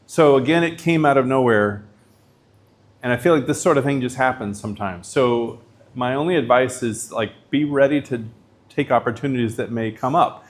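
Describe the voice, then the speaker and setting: A middle-aged male professor gives a course lecture at a medium pitch. He talks in a loose, chatty way and fills his sentences with "like" and "you know." He turns points into stories and keeps an animated pace. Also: normal speed. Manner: casual storytelling, animated, uses filler words. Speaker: visiting professor.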